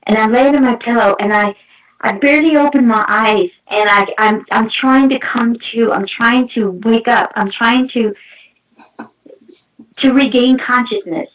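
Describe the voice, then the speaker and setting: Woman, middle-aged, fairly high voice, halting emotional testimony, muffled distant mic. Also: fairly bright tone. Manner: halting, emotional storytelling with many restarts. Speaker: guest. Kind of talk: personal testimony in an interview.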